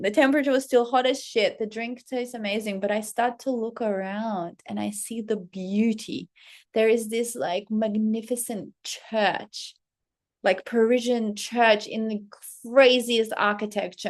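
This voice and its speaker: Woman vlogger, casual storytelling, animated, heavy swearing, higher voice. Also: a little slow. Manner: animated, swears constantly, acts out her own reactions. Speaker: vlogger, self-leadership coach. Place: Paris.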